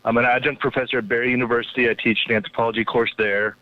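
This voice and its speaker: A man's voice: medium pitch, level tone, rapid-fire. A man, an anthropologist and poet, talking casually as an interview guest, rambling with many fillers and restarts. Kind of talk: casual interview over a phone line. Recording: tinny phone line.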